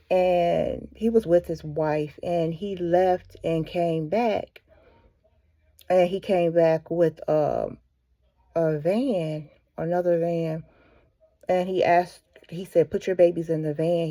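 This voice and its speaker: A woman's voice: fairly low pitch, dark tone, no echo. A woman speaking for a ministry, retelling a story casually with many fillers and restarts. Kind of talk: casual spoken devotional.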